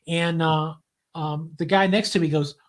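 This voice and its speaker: Southern guy spinning tales on a live show, bit high voice, acts out the quotes. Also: measured pace. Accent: Southern American. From Southern US, Memphis. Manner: lively anecdotal storyteller, acts out quotes. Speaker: guest, TV producer. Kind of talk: storytelling in a live interview.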